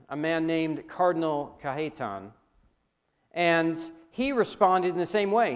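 Animated male preacher, slightly high voice. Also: clear, resonant tone. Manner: animated, rising emphasis, addresses audience directly. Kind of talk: sermon lecture.

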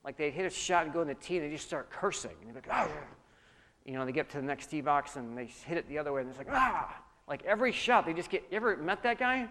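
A man preaching a sermon as a pastor, animated, swinging between loud emphasis and quiet asides. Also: fairly high pitch, racing, few pauses.

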